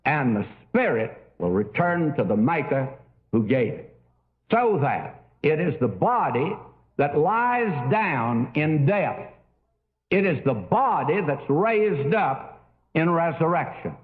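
Older man, preacher, sermon, folksy storytelling, slightly high voice, tinny lo-fi recording. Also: big pitch swings, takes it slowly. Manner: folksy, storytelling with many fillers. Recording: tinny phone-like old recording.

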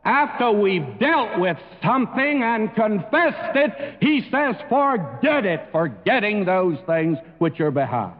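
A man preaching a sermon in a slow, earnest way that swells to emphatic peaks. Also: sits high, very animated. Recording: tinny narrow-band recording with long reverb.

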